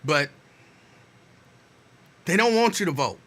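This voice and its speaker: A man's voice: fairly high pitch, expressive, takes it slowly, a bit bright. A man hosting a talk show, speaking conversationally and with emphasis. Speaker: radio show host. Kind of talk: casual talk radio.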